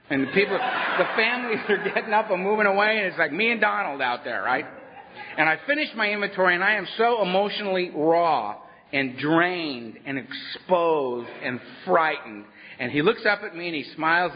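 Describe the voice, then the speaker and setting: A man sharing his own story at a workshop, animated and wry, often laughing as he talks. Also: on the high side, brisk. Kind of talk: personal storytelling talk to a live audience. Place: meeting hall at a workshop. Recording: dull lo-fi with long hall echo.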